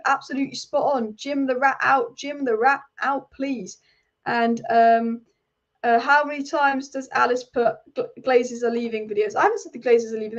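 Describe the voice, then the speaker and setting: A young woman hosting a live football stream, chatting bluntly and reading out viewer comments. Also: fairly high pitch. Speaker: football channel host. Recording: dull lo-fi stream audio.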